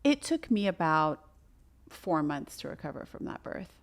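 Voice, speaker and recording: Woman, middle-aged, doula, casual storytelling, animated, quotes people in character, slightly low voice. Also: normal speed.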